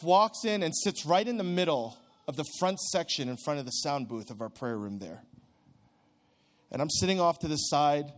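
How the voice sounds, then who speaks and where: A man preaching a sermon in an earnest, conversational way, slowing down to stress key words. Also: a little high. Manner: earnest, conversational, with restarts and drawn-out emphasis.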